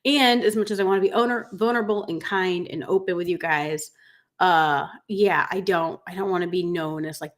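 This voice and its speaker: A woman hosts a casual livestream as a business coach for pet groomers. Her voice sits slightly low. She talks in an emotional, rambling way, full of fillers and restarts. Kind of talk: casual livestream chat reading viewer comments.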